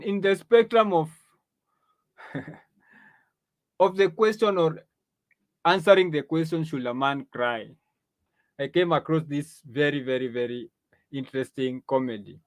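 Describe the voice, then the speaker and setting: A man's voice: a little high, slow, pauses often, dry recording. A man hosting a talk show, commenting on clips in a chatty way and often repeating words as he talks. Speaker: host.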